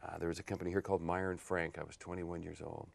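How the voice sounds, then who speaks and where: A man in his fifties, an actor and model, telling stories about his career in a relaxed interview, often laughing. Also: deep voice, fast talker, creaky. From Portland area, United States. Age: 50s. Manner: animated storyteller, laughs often. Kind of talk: casual interview chat.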